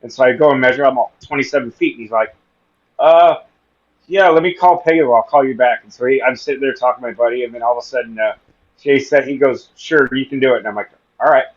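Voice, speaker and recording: The audio is dull, carrying a fast, medium-pitched male voice. As a podcast guest, he shares funny stories in an easygoing manner, animatedly playing each character and laughing often.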